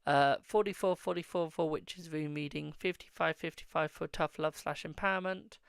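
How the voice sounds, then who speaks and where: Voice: mid-range voice, fairly even intonation, normal speed, gravelly, clear, resonant tone, dry recording. A host reading tarot on a live stream, answering viewers' questions, calling them "my darling" and murmuring while drawing cards. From England.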